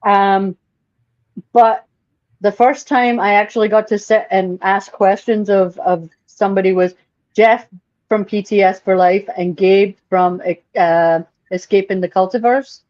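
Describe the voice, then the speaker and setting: Female co-host, chatty and enthusiastic, medium pitch, dry muffled home mic. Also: fairly even intonation, a little slow, darkish tone, no room sound. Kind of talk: casual chat. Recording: dry, dull lo-fi audio.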